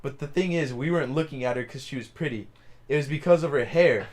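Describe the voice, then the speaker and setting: A man's voice: mid-range voice, fast, darkish tone. A young man telling a story while playing a game, rambling with many fillers and restarts. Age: young adult. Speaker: let's play commentator. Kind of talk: casual storytelling over gameplay.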